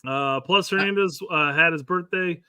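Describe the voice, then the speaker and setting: A man's voice: a little high, moderate pace. A man co-hosting a casual sports podcast, chiming in with short, laid-back agreement and reading out news. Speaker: podcast co-host.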